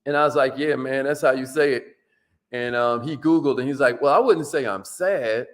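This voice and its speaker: A man giving an energetic, preachy motivational talk in casual slang, his pitch swinging up and down. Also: normal speed. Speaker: motivational speaker.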